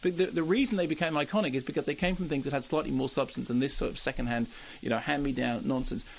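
Ranting gravelly film critic. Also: male voice, mid-range voice, quick pace, a little hiss or hum, poor audio. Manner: impassioned, ranting, self-mocking. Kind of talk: radio film review chat.

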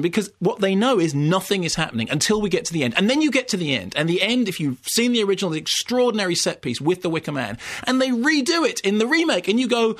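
A man giving a sardonic, animated film review, with mocking asides pitched high. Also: fast talker, few pauses. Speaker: film critic.

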